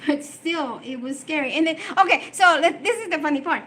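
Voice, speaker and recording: High-voiced middle-aged woman streaming live. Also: a little fast, fairly bright tone. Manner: emotional, rambling, with restarts. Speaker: live streamer reading viewer comments. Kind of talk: casual live stream chat.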